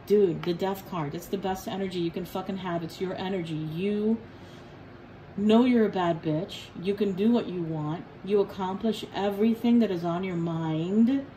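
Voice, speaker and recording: A woman giving a casual tarot reading in a blunt, profane, joking way. Her voice sits at a middling pitch for a woman. Faint room noise hums behind her. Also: moderate pace, mellow, rough recording. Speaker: tarot reader.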